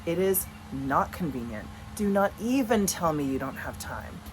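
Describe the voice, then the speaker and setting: A woman in her thirties talks straight to camera in a loose, chatty vlog, frank and unbothered, dropping the odd swear. Her voice sits on the lower side, and a faint hum of the house can be heard behind her. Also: big pitch swings, measured pace. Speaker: vlogger and coach. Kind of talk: casual direct-to-camera vlog. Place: at home with dogs.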